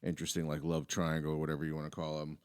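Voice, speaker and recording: A male podcast co-host with a very low voice, talking in halting starts and repeats and slipping in dry jokes. The sound is close and dry, with no room around it. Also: completely flat delivery, a little mellow, clean tone, no room sound. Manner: hesitant, repeats words, dry humor. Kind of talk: casual podcast chat.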